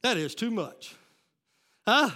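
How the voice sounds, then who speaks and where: A man preaching a sermon as lead pastor, calling out to the congregation and shouting rising lines. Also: high-pitched, very animated, slow.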